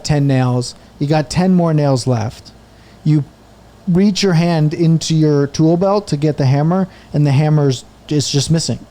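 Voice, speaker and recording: A man in his thirties hosting a podcast, telling a story in a casual, animated way and swearing often. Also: a little high. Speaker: podcast host and comedian.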